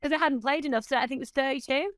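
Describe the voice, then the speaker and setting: A woman with a fairly high voice chats as a podcast guest, telling her stories with lots of energy and frequent laughter. The sound is dry and close, with no room around it. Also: very fast, no room sound. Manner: lively storytelling, laughs often. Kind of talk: casual chat.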